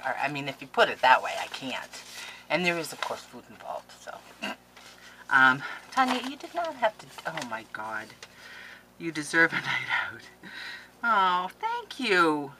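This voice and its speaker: A woman's voice: sits low, very animated, a little slow, bright, forceful tone, a little hiss or hum, rough recording. A woman in her forties chatting casually to viewers while opening mail, effusive and emotional, with frequent exclamations. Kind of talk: casual chat. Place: home craft room.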